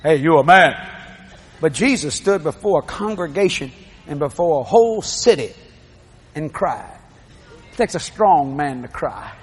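Animated high-voiced older preacher. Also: male voice, unhurried, long pauses, slightly rough. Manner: animated, shouting and laughing, acting out scenes. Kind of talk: sermon.

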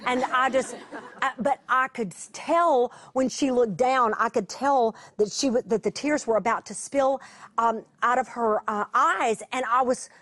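A woman with a fairly high voice gives a storytelling sermon to viewers. She is chatty and warm-hearted in her delivery, stumbling over her words and laughing at herself. At tender moments she sinks to a near hush. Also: unhurried. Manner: drops to a hushed voice at tender moments. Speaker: Bible teacher addressing broadcast viewers.

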